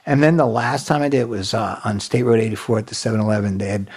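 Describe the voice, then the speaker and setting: A man's voice: fairly low pitch, fast, slightly rough. A middle-aged man, a podcast guest, telling stories casually, swearing often and slipping into impressions. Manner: animated, swears a lot, slips into impressions. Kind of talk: casual storytelling.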